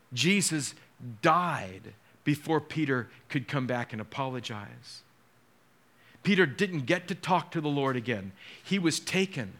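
A man with a mid-range voice preaches a sermon as a pastor. He is emotional and dramatic, sinking into hushed tones before rising again.

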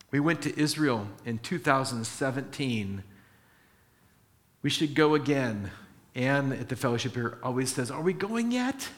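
A male pastor preaching a sermon, animated and acting out biblical dialogue, slowing down to stress key lines. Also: medium pitch. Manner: animated, acts out biblical dialogue, slows for emphasis.

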